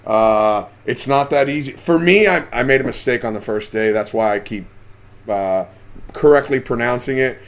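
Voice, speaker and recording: A man's voice: medium pitch, normal speed. A man hosting a casual live stream about fishing, chatting and reading out the names of viewers as they join.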